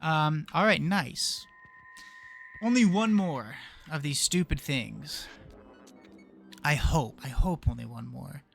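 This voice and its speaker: A man's voice: fairly high pitch, slow pace, creaky, pauses often, a bit bright, faint music behind. A young man casually commenting while playing a puzzle game, thinking aloud and muttering to himself. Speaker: gaming video creator. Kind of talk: casual let's play commentary.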